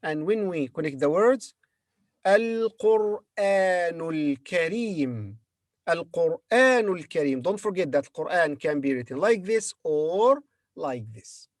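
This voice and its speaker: A man gives a very slow, patient language lesson. He repeats each word carefully and stops often to hesitate. The sound is dry and close, with no room echo. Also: a little high, expressive. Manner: patient, repeats words slowly with hesitant fillers. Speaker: Arabic teacher.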